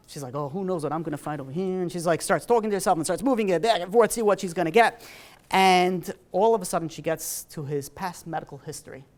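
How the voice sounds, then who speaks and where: A man giving a sermon as a rabbi, telling a story in a lively way with many fillers. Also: sits high. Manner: animated, acts out dialogue, many fillers.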